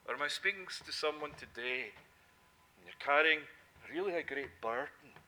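Male preacher, bright ringing tone, emphatic sermon delivery, loud to hushed. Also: fairly high pitch, lively intonation, normal speed. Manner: emphatic preaching, swinging from loud declarations to soft intimate asides.

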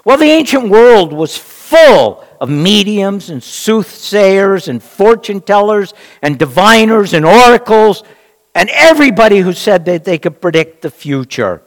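A man's voice: sits high, sing-song. Emphatic preacher man in a reverberant hall. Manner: emphatic, rhetorical, with dramatic pauses. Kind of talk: sermon, Bible teaching.

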